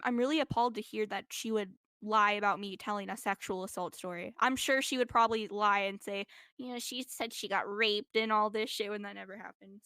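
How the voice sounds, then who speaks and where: Young woman, rambling casual chat, mid-pitched, laptop mic, dry. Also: sharp tone, no echo. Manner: rambling, heavy use of "like". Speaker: interviewee. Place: indoors while traveling.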